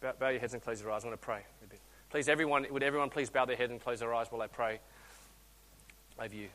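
A man, a guest preacher telling a story in a sermon, swinging between loud urging and quiet intimate speech. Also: medium pitch, fast talker, long reverb tail. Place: church hall.

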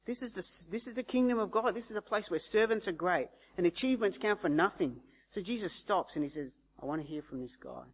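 A man's voice: high voice, expressive, fairly quick, hardly any pauses, slightly rough. A man preaching a sermon in a conversational way, acting out the voices in the story he tells. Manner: conversational, acts out quoted voices. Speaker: pastor.

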